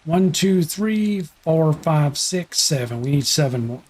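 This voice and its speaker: Guy livestreaming a game, talks it through out loud, fixes himself mid sentence, kinda high voice. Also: animated, unhurried. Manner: chatty, thinking aloud and correcting himself. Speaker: game streamer. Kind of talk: casual gameplay commentary.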